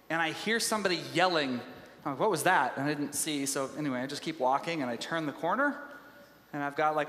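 Telling his sermon like a casual story, this male pastor frequently starts his sentences over. His voice is slightly high and a bit bright, ringing with the long reverb of a big church hall.

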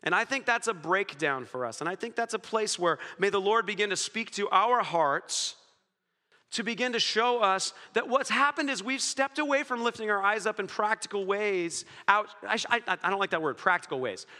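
A man preaching a sermon in a lively, joking storytelling manner, speaking in a church hall. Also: high voice, normal speed. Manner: lively storytelling, jokey, chuckles. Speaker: pastor. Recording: long hall reverb.

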